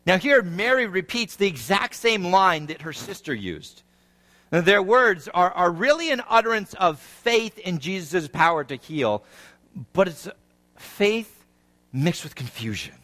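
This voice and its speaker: A man's voice: high-pitched, very animated, unhurried, bright, forceful tone. A man preaching a sermon, reading scripture aloud and explaining it with rising and falling intensity. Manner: reads scripture, then explains it. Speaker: pastor.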